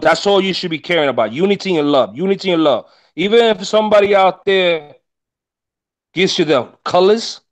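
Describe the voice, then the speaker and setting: A man talking casually on a discussion panel, giving emphatic, preachy life advice and swearing freely. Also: a little high. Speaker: panel speaker, rideshare driver. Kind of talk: casual motivational talk.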